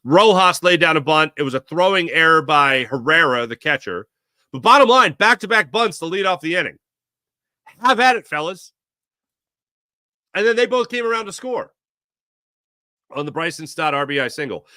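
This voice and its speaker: Man, sports talk host, animated and jokey, bright forceful voice, dry close sound. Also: on the high side, normal speed, long pauses, dry recording. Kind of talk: casual sports talk, reading chat comments.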